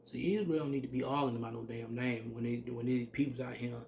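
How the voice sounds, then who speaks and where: Gravelly man teaching scripture bluntly. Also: medium pitch, fairly even intonation, a little mellow, a little hiss or hum. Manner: blunt, salty, reads verses slowly then comments. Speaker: religious teacher.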